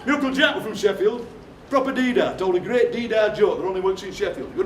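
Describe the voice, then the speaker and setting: Chatty Yorkshire man, high-voiced, echoey theatre. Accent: Yorkshire, Barnsley. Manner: quick, chatty, jokey asides to the audience. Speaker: performance poet. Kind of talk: comic storytelling on stage. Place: theatre stage before a live audience. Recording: roomy, distant theatre recording with noise.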